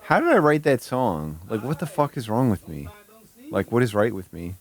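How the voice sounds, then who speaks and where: Man, Michigan accent, stream host, swooping lively pitch, rambling, self-mocking. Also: normal speed, faint music behind. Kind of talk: casual stream chat.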